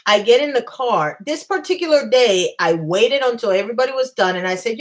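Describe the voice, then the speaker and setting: A slightly high-pitched woman telling stories to her viewers in a loose, chatty way. She is animated and quick to poke fun at herself, breaking off to greet people in the chat. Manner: animated, self-mocking, laughs at herself. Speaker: channel host. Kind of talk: casual storytelling to live chat.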